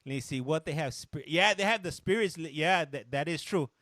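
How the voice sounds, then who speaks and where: He has a slightly high, fairly bright voice and talks fairly quickly, in a studio-quality recording with no room sound. During a casual live stream, this host rambles through a story conversationally, often pausing to read comments and respond to viewers, and occasionally slips into a little Spanish.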